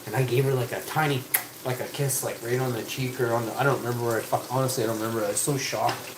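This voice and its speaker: A man's voice: medium pitch, fairly even intonation, fast talker, recorded from a distance, noisy background. A man streaming live from his kitchen while he cooks, rambling in crude, heavily sworn casual chat. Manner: rambling, crude, heavy swearing. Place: home kitchen while cooking. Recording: echoey room with loud frying sizzle. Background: frying food sizzling.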